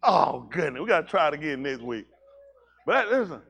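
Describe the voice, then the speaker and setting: High, lively-voiced male pastor. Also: moderate pace, gravelly. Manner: animated, teasing, bursts into loud exclamations. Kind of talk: casual joking banter turning to preaching.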